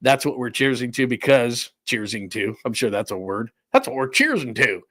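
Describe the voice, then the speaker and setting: A man's voice: medium pitch, big pitch swings, moderate pace, fairly bright tone, no echo, clean studio sound. A middle-aged man hosting a sports podcast from home, chatting casually in a loose, rambling way, a little out of breath. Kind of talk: casual live-stream chat. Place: room at home under renovation.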